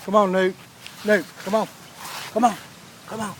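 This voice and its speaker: A middle-aged man walking outdoors with his camera, calling and coaxing puppies in a sing-song voice, with low muttered asides between calls. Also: little pitch movement, moderate pace. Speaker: dog breeder filming his litter. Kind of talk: casual home video narration. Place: outdoors, rural yard and road. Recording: loud outdoor noise on camera mic.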